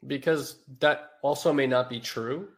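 A man's voice: medium pitch, a little slow. A man hosting a podcast, talking casually and rambling to a live chat audience, his voice nasal from a cold. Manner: rambling, informal, with frequent fillers. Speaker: podcast host.

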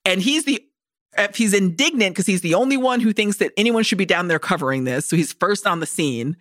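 Woman podcast co-host, bright and dry, animated sweary movie rant. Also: medium pitch, fairly quick, no echo. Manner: animated, profane ranting with acted-out quotes. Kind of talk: casual movie-review chat.

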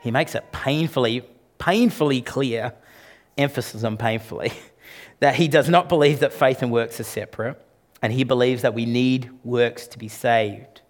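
This pastor's sermon comes at a moderate pace with fairly even intonation overall. Still emphatic and conversational, he frequently questions his congregation and lifts or drops his pitch and loudness to stress points.

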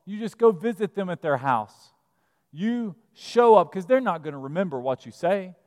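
A man with a fairly high voice preaches to his congregation, moving from soft asides to forceful emphasis. His pitch rises and falls a great deal. The sound carries the long reverb of a church hall. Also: normal speed. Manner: expressive preaching, swinging from hushed to emphatic. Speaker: pastor. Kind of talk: sermon. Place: church sanctuary.

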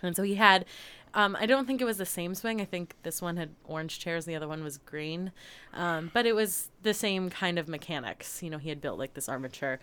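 A woman telling a story in casual chat, animated and laughing often. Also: on the low side, fairly quick, clean tone.

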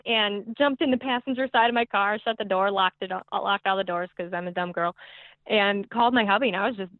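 A woman guest telling a hunting story in a podcast chat, excitable and quick, with many fillers. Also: mid-range voice, dry recording. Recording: tinny phone-like line, dry.

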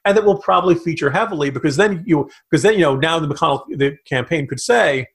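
Gravelly-voiced male political podcaster. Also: a little high. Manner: animated, talks in quick bursts with asides. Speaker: podcast co-host. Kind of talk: political commentary chat.

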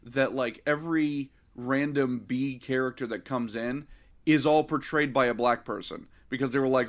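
Co-hosting a casual movie review chat, a man retells scenes animatedly, swearing and acting them out in mock voices. He speaks at normal speed with a medium-pitched voice.

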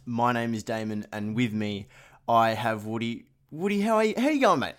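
A man's voice: medium pitch, lively intonation, moderate pace. A man hosting a podcast, chatting casually and poking fun at himself. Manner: chatty, self-mocking banter. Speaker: podcast host. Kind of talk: casual chat.

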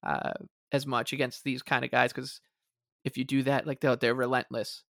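Measured podcast co-host, dry mic. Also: male voice, mid-range voice, level tone, creaky, a bit bright, no room sound. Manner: measured, hesitant, many fillers and restarts. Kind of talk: casual sports talk.

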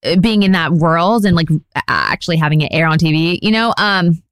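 A woman's voice: fairly low pitch, expressive, fairly quick, smooth, dry recording, studio quality. A young adult woman hosting a podcast, chatting casually and rambling with lots of fillers. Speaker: podcast host.

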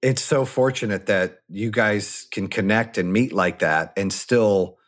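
A man hosting a conversational interview, asking measured, sympathetic follow-up questions. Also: on the low side. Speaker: interview host.

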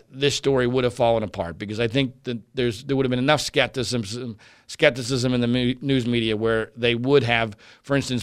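Animated indignant man with a bright voice. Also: mid-range voice, no echo, studio quality. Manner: animated and indignant, mocking voices, frequent restarts. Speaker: commentator. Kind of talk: opinion commentary monologue.

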